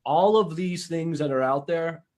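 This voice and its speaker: A man's voice: on the high side, unhurried. A man chatting on a podcast in a loose, blunt way, full of fillers and the odd curse. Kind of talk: casual podcast chat.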